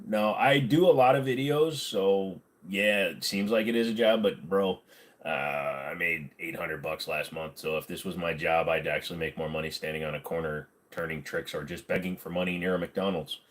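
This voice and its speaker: Reading viewer comments aloud on his casual livestream, this host answers with blunt sarcasm and plenty of swearing. His voice is fairly low and a bit bright, and he talks at a normal speed.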